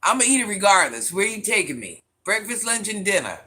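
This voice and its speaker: Chatty man with a bright high voice. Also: sing-song, fairly quick. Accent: mixed country accent. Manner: chatty, playful, answers viewers' comments. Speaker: livestream host reading chat. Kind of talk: casual live-stream chat.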